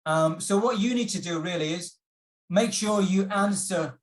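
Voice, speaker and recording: A man's voice: high-pitched, normal speed, roomy sound. A man teaching an online workshop, encouraging, repeating his instructions with frequent ums.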